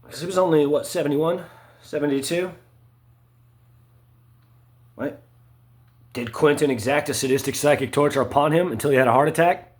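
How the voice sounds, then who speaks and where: A man in a rambling monologue, full of "right?" and "you know" fillers, swinging between low mutters and sharp emphatic spikes. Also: normal speed, long pauses.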